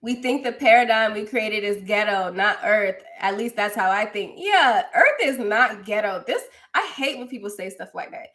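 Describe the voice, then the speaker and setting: A woman's voice: mid-range voice, lively intonation, moderate pace, few pauses, fairly bright tone. A young woman hosting a casual livestream, chatting effusively with viewers and calling them girl. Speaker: livestream host and spiritual coach. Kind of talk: casual livestream chat reading comments.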